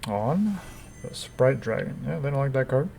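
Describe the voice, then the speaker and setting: Man, mid-pitched voice, relaxed game commentator with dry, wry asides. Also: normal speed, creaky, a little hiss or hum. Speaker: gameplay commentator. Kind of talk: casual gameplay commentary.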